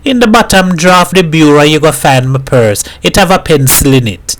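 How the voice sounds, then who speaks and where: A man's voice: a little high, animated, brisk, a bit bright, slight background noise, pitched above the performer's own voice. A man voicing an impatient, sarcastic mother who scolds in Caribbean dialect. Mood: scolding. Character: sharp-tongued, impatient young mother.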